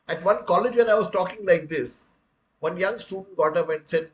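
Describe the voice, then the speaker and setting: A man's voice: high voice, normal speed, low-quality recording. Earnest older Indian man lecturing. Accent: Indian English. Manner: earnest, rhetorical, addresses listeners as friends. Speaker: guest speaker. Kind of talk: public lecture.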